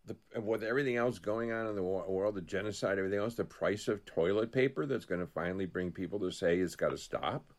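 A man talking politics in a casual chat, rambling with frequent restarts and trailing phrases. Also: low voice. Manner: rambling, halting, many restarts.

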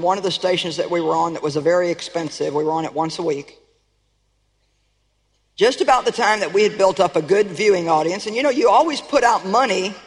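An emphatic woman preacher delivers a sermon and keeps calling on her audience to answer back. Her voice carries with a long, ringing reverb from a large auditorium. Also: on the low side. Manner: emphatic, calls for audience response.

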